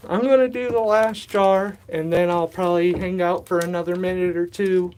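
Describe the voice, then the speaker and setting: A man in his thirties, slightly out of breath, rambles through a casual livestream chat. He fills his talk with asides and self-deprecating remarks. He talks from a warm, humid indoor room. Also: high voice, slight background noise. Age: 30s. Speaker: livestream host. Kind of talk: casual live-stream chat.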